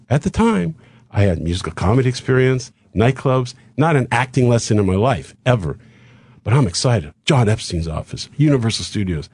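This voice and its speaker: A man's voice: mid-range voice, husky, dry recording. An older man with a mid-range voice tells a winding showbiz story in a dry, close studio sound. He jumps in and out of the voices of the people he met, keeping the pace of a seasoned storyteller. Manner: animated anecdote with acted-out dialogue and quick asides. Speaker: guest comedian telling a story. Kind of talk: casual storytelling on a talk show.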